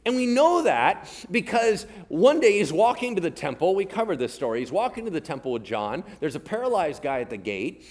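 A man preaches a sermon with a voice that swings widely and expressively in pitch. He tells the story casually, slipping into modern everyday voices for the biblical characters and checking in with his listeners for agreement. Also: big pitch swings, fairly quick, hardly any pauses. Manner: addresses the congregation directly, asking for agreement. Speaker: pastor.

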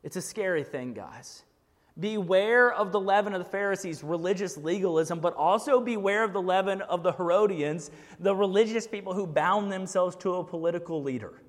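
High-voiced preacher in a reverberant hall. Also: male voice, normal speed. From United States. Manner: casual, keeps asking "right?". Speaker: pastor. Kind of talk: sermon.

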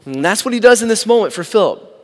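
A man preaching a sermon, animated, acting out the people in the story with sarcastic asides. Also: high-pitched, fast. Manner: animated, acts out quoted dialogue, sarcastic asides. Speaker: pastor. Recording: long hall reverb.

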